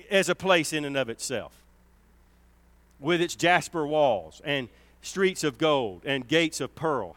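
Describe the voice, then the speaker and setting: Emphatic preacher, lively rising voice. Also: male voice, a little high, dry recording. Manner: emphatic, swells and slows on key words. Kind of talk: sermon.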